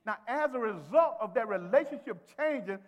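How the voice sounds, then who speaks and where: A high-pitched preacher man delivering a call-and-response sermon. His voice swings from soft asides to ringing shouts, with a long reverb from the church sanctuary. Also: animated, moderate pace, muffled recording. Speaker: pastor.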